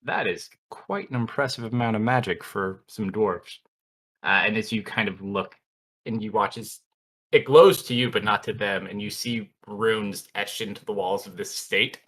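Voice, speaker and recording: A man narrates as dungeon master for his friends over a voice call. His voice is somewhat low but bright and clear, and his delivery stays easygoing. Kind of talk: narrating a tabletop game.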